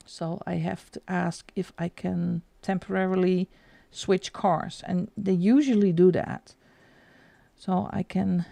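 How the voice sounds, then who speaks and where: A middle-aged woman chats casually on a coloring livestream, rambling from topic to topic. Her voice is gravelly and mellow, and she talks at an unhurried pace. The sound is dry and close. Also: mid-range voice, steady tone, no echo. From Netherlands. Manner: chatty, rambling, answers chat, laughs often. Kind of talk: casual live-stream chat.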